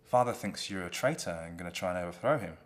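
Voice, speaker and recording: A sly young nobleman who plots behind a show of concern, voiced by a man. Smooth and low, the scheming villain of a storybook play. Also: animated, fast.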